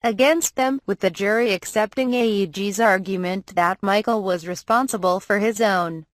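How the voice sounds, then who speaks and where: A woman reading a magazine profile aloud as scripted narration, measured and even. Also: medium pitch, no room sound. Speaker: article reader.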